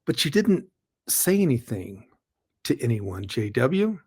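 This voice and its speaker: A pastor speaks slowly and deliberately, leaning on each word as he scolds. His voice sits in a plain middle register. His commentary is blunt, aimed straight at the viewer. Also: mid-range voice, big pitch swings, darkish tone, husky. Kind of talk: commentary on a played interview.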